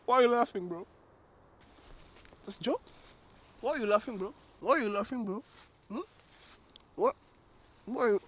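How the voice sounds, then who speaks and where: A man's voice: high voice, animated, normal speed, long pauses, a bit bright. A man filming a joking complaining vlog, whiny and slangy, calling everyone "bro" and mixing in French words.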